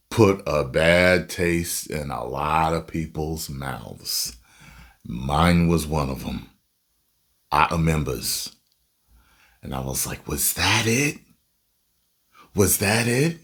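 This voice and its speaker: A man giving casual, animated movie reaction commentary with a rambling, self-interrupting manner. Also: extremely low pitch, extremely slow, long pauses.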